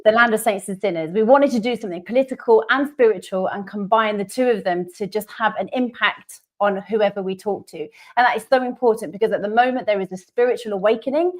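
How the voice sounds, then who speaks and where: Earnest woman speaking from the heart. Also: medium pitch. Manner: earnest, heartfelt about spiritual matters. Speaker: podcast co-host. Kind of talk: talk show chat.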